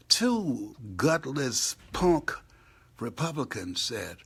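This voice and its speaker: Fiery motivational speaker, male, low husky gravelly voice, big pitch swings, hotel-room live stream. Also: sing-song, a little slow. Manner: fiery, swings from hushed whispers to loud outbursts. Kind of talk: impassioned live talk.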